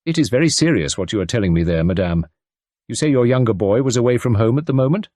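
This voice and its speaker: A man's voice: medium pitch, lively intonation, fast, darkish tone, dry recording, clean studio sound, natural voice. A man playing a methodical detective. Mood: measured. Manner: formal, methodical, courteous. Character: fastidious middle-aged male Belgian detective.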